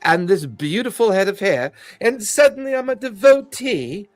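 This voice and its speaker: Sir Thorned Shade, a vain and condescending fae security chief, as a man puts him on. His voice is on the higher side and swings up and down as he preens. It sounds close and dry. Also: animated, normal speed, dry recording. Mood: scornful. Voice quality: pompous, condescending, says "dear boy".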